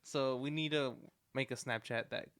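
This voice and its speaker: Rambling young man with a smooth voice. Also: mid-range voice, steady tone, normal speed, fairly bright tone. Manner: rambling, lots of "like" fillers. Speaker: co-host. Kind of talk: casual chat.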